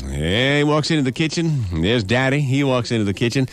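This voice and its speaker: A male radio DJ telling jokes on a morning show, animated, with frequent "uh" fillers. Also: a little high, brisk, hardly any pauses. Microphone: studio microphone.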